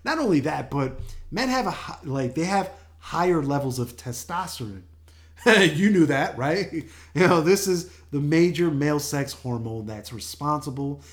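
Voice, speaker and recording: An older man talks through a casual health show, chatty and easygoing, laughing often between fillers and restarts. His voice sits a little higher than most men's. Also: animated, measured pace. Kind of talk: casual talk-show monologue.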